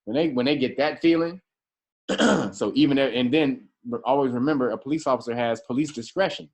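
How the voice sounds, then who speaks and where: A man is leading a relaxed class, speaking in plain street slang. He pushes his points with emphasis and keeps circling back to restart his sentences. His voice sits at an ordinary, mid-range pitch. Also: a little fast. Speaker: class instructor. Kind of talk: casual lecture to a class.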